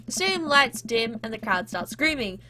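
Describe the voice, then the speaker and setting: A woman playing a visual novel and reading its narration aloud in a lively, animated way. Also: on the high side, moderate pace. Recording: game music playing behind.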